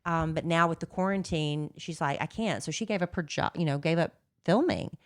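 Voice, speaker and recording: Middle-aged lady podcaster, kinda low voice, rambly and gossipy. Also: a little fast. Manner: chatty, rambling with fillers. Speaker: podcast co-host. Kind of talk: casual chat.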